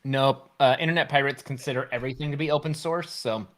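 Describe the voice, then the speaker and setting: A man's voice: mid-range voice, fairly even intonation, fast talker. A man co-hosting a podcast, joking around and telling a rambling story in casual chat. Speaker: podcast co-host.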